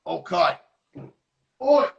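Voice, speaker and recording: A man hosting a casual livestream cooking class, talking in a goofy, playful way with mock-rough slang. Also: high voice, very animated, drawn-out words, dull audio.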